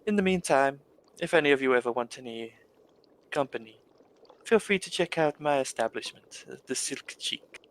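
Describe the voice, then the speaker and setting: A sultry, flirtatious cat-folk madam purrs her teasing invitations, voiced by a man. She is coy and a little mocking, and her voice stays at a middling pitch. She is played as a tabletop game character. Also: lively intonation, moderate pace, lightly acted, poor audio.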